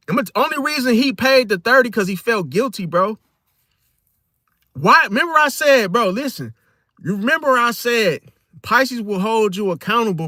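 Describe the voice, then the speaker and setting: A young man, ranting casually as an astrology content creator, animated and full of street slang. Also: high-pitched, no room sound, studio quality.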